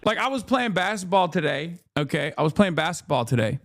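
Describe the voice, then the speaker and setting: A man's voice: fairly high pitch, big pitch swings, brisk, vocal fry, fairly bright tone, no room sound, studio quality. A man streaming a casual commentary rant, emphatic and profane, stumbling over fillers and restarts.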